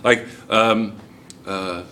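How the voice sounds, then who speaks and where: An American man with a New Jersey accent teaches a chemistry class and keeps firing questions at the students. His voice is bright. A faint room hum sits behind him. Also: fairly low pitch, fairly even intonation, drawn-out words. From United States. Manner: chatty, asks the class questions. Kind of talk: classroom lecture.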